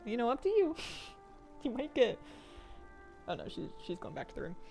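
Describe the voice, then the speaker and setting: A woman streaming a video game, chatting casually with her viewers, laughing often and switching to high baby talk with her pets. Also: huge pitch swings, normal speed, gravelly, mellow, soft background music.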